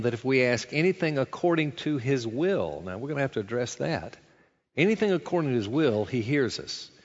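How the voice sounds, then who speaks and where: A male pastor delivers a sermon in a plain middle-range voice, mixing scripture with folksy stories. The sound is muffled and lo-fi. A long church reverb trails his words. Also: mid-range voice. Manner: folksy preaching with storytelling and acted-out quotes.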